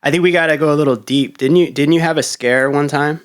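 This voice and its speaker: A man's voice: a little high, steady tone, fast talker, clear, resonant tone. A man hosting a podcast, laid-back and swearing freely in casual chat. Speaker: podcast host.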